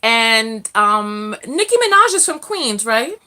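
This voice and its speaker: A young woman from the Bronx, hosting a casual live call-in chat, chatty and quick to laugh while reading viewer comments aloud. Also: on the high side, big pitch swings, bright, forceful tone. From the Bronx, New York. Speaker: live stream host.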